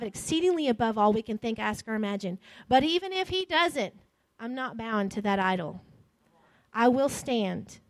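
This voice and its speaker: A woman pastor preaching and leading prayer, slow and emphatic, often hushed and prayerful. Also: a little high, no echo. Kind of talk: sermon and altar prayer.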